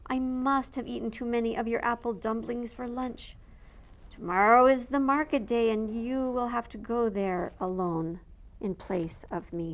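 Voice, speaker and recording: Lady doing a tired sick farmer dad, gentle and a bit high voiced. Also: fairly even intonation, normal speed, natural voice. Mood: weary. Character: ailing old farmer father, gentle.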